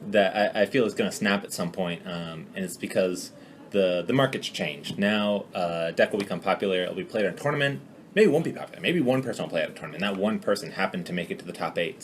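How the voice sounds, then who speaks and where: A man's voice: deep voice, a little hiss or hum. A man in an interview, reasoning through a point and repeating words as he searches for them. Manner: repeats words, builds an argument.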